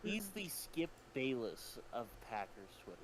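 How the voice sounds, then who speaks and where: Excitable man with a lively voice. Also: mid-range voice, a little slow, slight background noise, poor audio. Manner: excitable, boastful banter. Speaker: podcast co-host. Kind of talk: casual chat.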